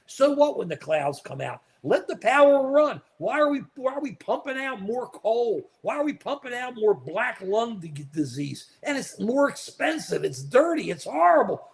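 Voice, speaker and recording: A man from the United States hosting a political talk show. He gives opinionated live commentary, reacts to viewer comments, and talks in an indignant, emphatic way, repeating himself. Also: high voice.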